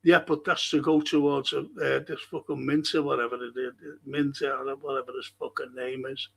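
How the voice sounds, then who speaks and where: A man's voice: mid-range voice, little pitch movement, moderate pace, creaky, a bit bright, slightly rough. A man hosting a football fan stream, ranting angrily and swearing in a rambling monologue. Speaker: football fan show host.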